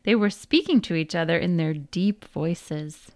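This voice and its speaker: A woman narrating a folk tale as a storybook read-aloud, with a lively, expressive delivery. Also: lowish voice, a little slow, few pauses.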